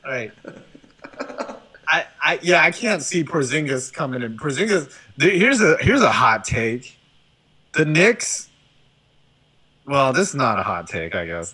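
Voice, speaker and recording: A man hosting a casual sports chat, talking in an animated, profane way and often tossing in "right?". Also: medium pitch, slightly rough, poor audio. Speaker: show host.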